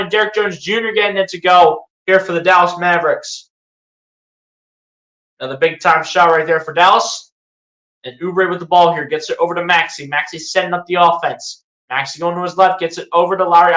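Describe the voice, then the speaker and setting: An excitable fan provides live basketball play-by-play in a medium-pitched voice with a bright, forward tone that rings through an echoey room. Calm stretches keep turning into sarcastic rants and pleading outbursts.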